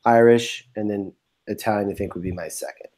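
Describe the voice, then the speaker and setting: A man's voice: lowish voice, level tone, fast talker, dark tone, slight background noise. A man from the United States hosting a podcast, teasing his guest in an easygoing chat. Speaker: podcast host. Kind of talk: casual interview chat.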